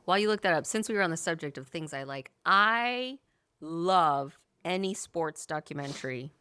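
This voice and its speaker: A young woman chats as a guest, teasing and laughing often. Her voice is bright and lively and swings widely in pitch. The sound is dry and close. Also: moderate pace, clean tone, no room sound. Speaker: podcast guest, host's sister. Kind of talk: casual chat.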